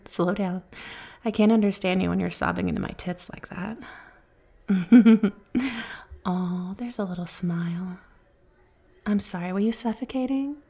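A woman plays a flirty, caring bartender in a whispered role-play. Her lowish voice carries vocal fry as she speaks softly, slowly and soothingly, with a teasing edge.

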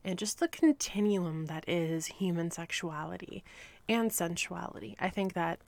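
A woman in her thirties answering questions in a casual solo monologue, soft-spoken, often slipping into whispers and swearing freely. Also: lowish voice, lively intonation, moderate pace, gravelly, no room sound. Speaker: audio erotica creator.

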